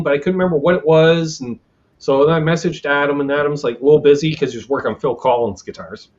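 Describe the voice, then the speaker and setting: A Canadian man hosting a casual livestream chat talks quickly in a voice on the high side, heard over a video call in dull lo-fi stream audio. He tells rambling, salty stories and acts out what people said.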